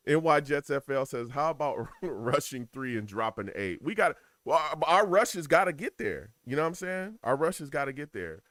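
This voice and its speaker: Streaming his live reaction to a football game, a New York-accented man keeps things casual and animated, laughing often and reading comments from chat aloud. His voice is a little high and moves at a moderate pace, with echo-free, studio-quality sound.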